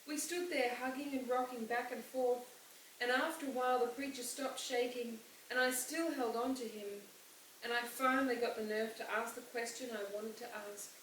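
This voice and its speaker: A woman teacher reading a novel aloud to her class, with clear, expressive storytelling. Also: a little high, normal speed. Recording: roomy, distant mic, faint hiss.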